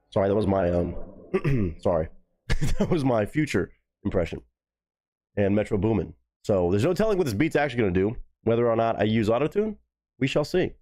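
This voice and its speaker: A man's voice: lowish voice, big pitch swings, a little fast, a little mellow, soft background music. A young man chatting casually and goofily on a live stream, swearing freely and joking around.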